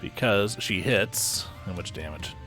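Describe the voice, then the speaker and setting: A man's voice: low-pitched, unhurried, sharp tone, faint music behind. A man running a tabletop game as game master, describing the action casually with many restarts. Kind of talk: narrating and ruling a tabletop game.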